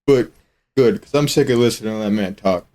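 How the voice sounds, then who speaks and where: A man's voice: fairly low pitch, a little fast, dark tone. A young man talking as a podcast guest in casual chat, blunt and profane, and laughing often.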